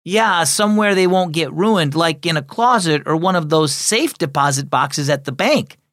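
A man voicing an eager, excited young boy in a children's story. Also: on the high side, moderate pace, dry recording, clean studio sound, pitched above the performer's own voice. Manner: excited, wondering.

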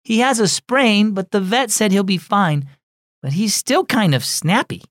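A man's voice: sits high, lively intonation, a little slow, a bit bright, no echo, clean studio sound, pitched above the performer's own voice. Guy doing a whiny little girl, bouncy voice, super indignant, kids' story. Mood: earnest. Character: upset young girl, hurt by a friend. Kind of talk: children's devotional story reading.

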